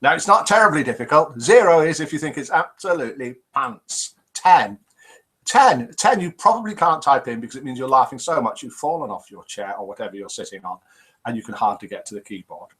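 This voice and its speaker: A man's voice: mid-range voice, animated, a little fast, a bit bright, breathy edge, rough recording. An older man from the UK hosting a live show, chatty and jokey as he reads viewers' messages aloud. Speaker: host of a live interactive show. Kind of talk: live-stream chat reading viewer comments.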